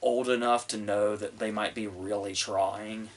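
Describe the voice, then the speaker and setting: A man's voice: fairly low pitch, steady tone, unhurried. A man reviewing a film on his podcast in a rambling, casual way, swearing often and restarting sentences. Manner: rambling, profane, full of fillers and restarts. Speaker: movie review podcast host.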